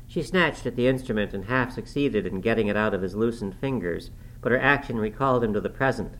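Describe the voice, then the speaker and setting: A man's voice: lowish voice, fairly bright tone, a little hiss or hum, low-quality recording. Man narrating a classic novel. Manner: measured, formal period narration. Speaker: audiobook narrator.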